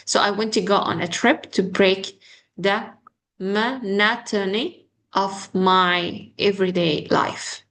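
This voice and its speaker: A young woman teaching an online English pronunciation lesson. She halts often with fillers and slowly repeats words as models. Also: mid-range voice, a bit bright.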